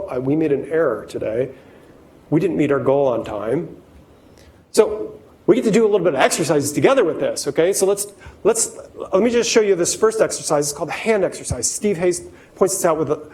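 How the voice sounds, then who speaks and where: A man's voice: a little high, a little mellow, rough recording. A man giving a keynote talk to a live audience. He speaks straight to the listeners and acts out the voices he quotes.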